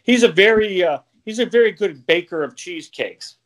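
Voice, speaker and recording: A man's voice: high voice, lively intonation, normal speed. A man who works as a wrestling referee, chatting casually on a podcast, laughing often and rambling with plenty of fillers.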